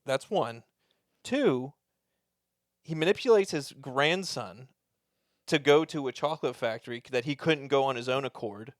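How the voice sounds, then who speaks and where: Animated, profane man retelling a movie. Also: mid-range voice, normal speed, long pauses, dry recording, clean studio sound. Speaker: podcast co-host. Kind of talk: casual chat.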